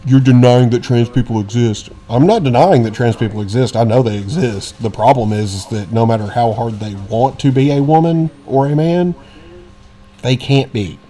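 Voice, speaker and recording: Young man, podcast co-host: blunt, crude, joking banter at an even middle pitch. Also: normal speed.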